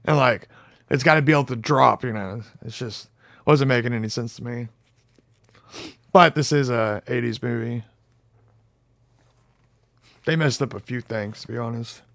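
A man's voice: medium pitch, normal speed, pauses often, a bit bright, no room sound. Laid-back male podcast co-host, casual film talk, dry close audio. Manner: laid-back, short agreeing replies. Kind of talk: casual movie chat.

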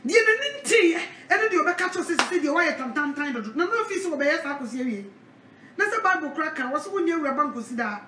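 High-voiced woman preaching. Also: recorded from a distance, slight background noise. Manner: animated preaching with a repeated call-out refrain. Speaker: evangelist. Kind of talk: sermon. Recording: echoey, from off the mic.

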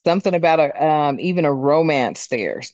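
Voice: medium pitch, lively intonation, moderate pace, darkish tone, no echo, lo-fi sound. A tarot reader giving a casual card reading, talking bluntly with plenty of swearing and rambling fillers.

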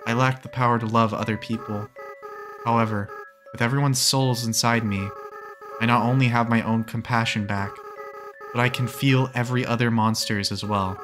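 A man voicing a gentle, remorseful young goat-monster boy, reading game dialogue aloud in a soft, tearful way. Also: mid-range voice, steady tone, normal speed, music in the background, natural voice. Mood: sad.

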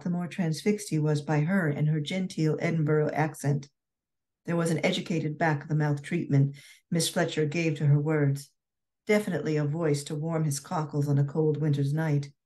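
A woman author narrating her romance novel in a steady, measured reading voice. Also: low-pitched.

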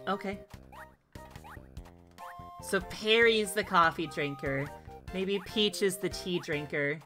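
A woman's voice: on the low side, slow, sharp tone, soft background music. A woman streaming a video game, chatting with viewers in a playful, giggly way. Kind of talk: casual gaming stream chat.

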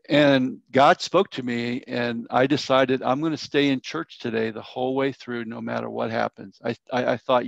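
A man's voice: creaky, no echo. Earnest man telling a story. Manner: earnest storytelling, sometimes drops to a soft low tone. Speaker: church elder teaching a grief workshop. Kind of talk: workshop teaching with personal story. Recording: slightly dull, dry sound.

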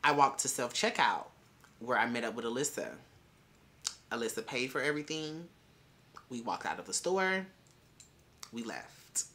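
A woman's voice: very deep voice, animated, moderate pace, long pauses, fairly bright tone. A young woman telling a wild story in a vlog, brash and full of swearing. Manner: brash, profane, chatty storytelling. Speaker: vlogger.

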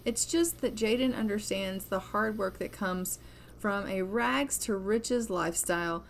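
A woman's voice: medium pitch, a little slow, gravelly, slight background noise. Chatty woman narrating a game. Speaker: gaming channel host. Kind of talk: casual game commentary.

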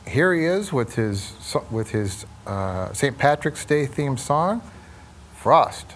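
A man's voice: medium pitch, sing-song, slow, a bit bright, slight background noise. A man hosting a talk show who rambles and stumbles over his words. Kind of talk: casual talk show chat.

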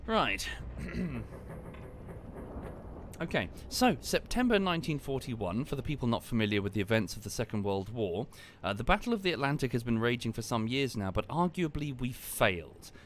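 A man casually commenting on a live game stream and explaining history at length in a relaxed, wry way. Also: mid-range voice, normal speed, slight background noise.

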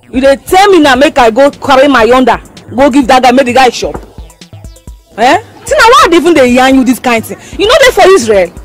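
An actress playing a defiant young woman arguing heatedly with a friend in a Nigerian accent. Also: sits high.

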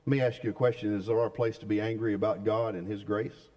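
A man's voice: on the low side, steady tone, fast talker, highs cut off. A male pastor preaching a sermon, emphatic and putting questions to the congregation.

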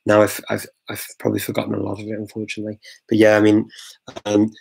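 A man's voice: lowish voice, monotone, quick pace, vocal fry, darkish tone, breathy edge. A man hosting a live online Q&A, chatting casually and rambling with many fillers and restarts. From England. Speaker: host answering viewer questions. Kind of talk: live Q&A chat.

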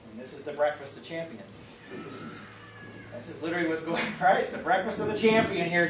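A man with a Midwestern American accent, a pastor leading an interactive Bible class, speaking conversationally with many fillers and questions put to the group. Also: a little high. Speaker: pastor teaching a Bible study. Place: church classroom. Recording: roomy, distant mic, faint hiss.

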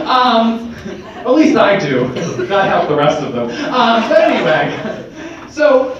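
High-voiced young man in an echoey hall. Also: far from the mic, slight background noise. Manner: energetic, conversational, often asks "right?". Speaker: state representative giving a talk to students. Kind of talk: motivational speech. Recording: echoey hall, mic from afar, dull.

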